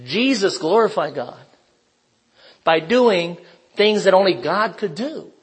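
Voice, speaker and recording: A man's voice: high-pitched, lively intonation, takes it slowly, husky, rough recording. A man preaching an informal sermon in a conversational way, asking the listeners questions and telling personal stories.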